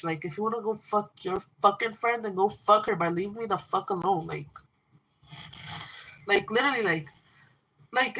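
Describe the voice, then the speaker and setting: A woman's voice: mid-range voice, pushed and bright, rough recording. A teenage girl ranting angrily on a livestream, swearing a lot and retelling a fight with a friend. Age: teens. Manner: angry, profane, fast ranting storytelling. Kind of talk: livestream rant.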